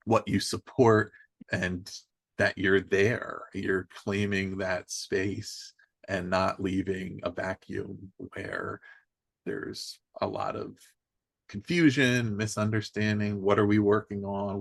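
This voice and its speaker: Male host, low gravelly voice, reflective, talks his thought through. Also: slow pace, dry recording. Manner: thinking aloud, restarts, short chuckles. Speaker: podcast host. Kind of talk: podcast interview.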